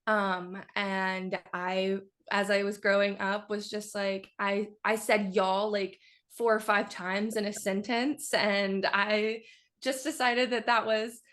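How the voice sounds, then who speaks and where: A young woman in her twenties from the southern United States, a voice actress chatting quickly and bubbly in an interview. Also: mid-range voice, little pitch movement, a bit bright. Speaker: voice actress, guest. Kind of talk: casual interview chat.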